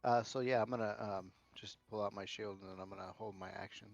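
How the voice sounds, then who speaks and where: A man playing in a tabletop game, speaking quietly and quickly in casual chat. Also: fairly low pitch, steady tone, gravelly, lo-fi sound, soft background music. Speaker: player.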